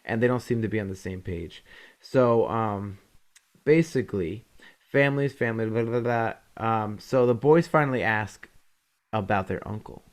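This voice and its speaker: A man's voice: on the low side, moderate pace. A man co-hosting a podcast, recapping episodes in a rambling, casual way and acting out lines from the show. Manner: rambling, acts out quotes from the show. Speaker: podcast co-host.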